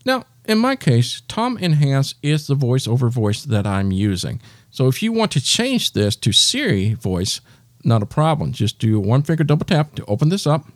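A man with a medium-pitched voice hosts a step-by-step tech tutorial, patiently walking the listener through each gesture. His pitch swings widely and his pace is moderate. The recording is clean studio sound with no room echo.

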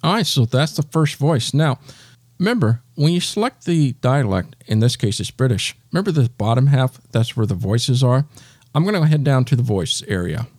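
A man's voice: medium pitch, animated, moderate pace, a little mellow, no room sound, clean studio sound. A man hosting a step-by-step tutorial, patiently talking the listener through each gesture. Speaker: tech tutorial host.

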